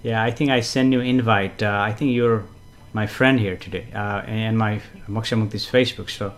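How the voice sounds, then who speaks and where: A man hosting a casual live stream, greeting viewers and reading their comments, chatty and gently explanatory with frequent fillers and soft chuckles. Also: fairly low pitch, fairly even intonation, moderate pace. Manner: gently explanatory, repeats himself for emphasis. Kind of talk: casual live-stream chat with spiritual teaching.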